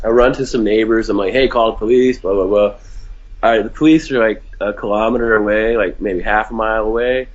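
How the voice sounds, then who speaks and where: A man's voice: lowish voice, steady tone, brisk. A man telling a long story as a podcast guest, rambling and profane, full of fillers, and raising his voice when he plays other people. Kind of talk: casual storytelling. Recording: slightly dull lo-fi sound.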